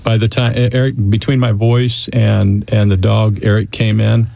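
A man's voice: fairly low pitch, flat delivery, normal speed, gravelly, warm tone, no echo. A man casually telling a personal story to interviewers, chatty and full of asides to his listeners. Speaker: interview guest.

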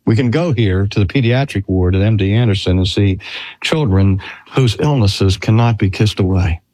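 An older man preaching a sermon in a slow, earnest way with drawn-out emphasis. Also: lowish voice, warm tone. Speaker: pastor.

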